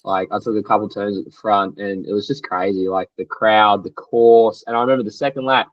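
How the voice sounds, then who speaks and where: A young Australian man with an Australian accent, recounting his story as a guest in an interview, animated and tumbling along with lots of "like". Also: fairly low pitch, brisk, no echo, dull audio. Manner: animated, tumbling retelling full of "like". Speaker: guest athlete.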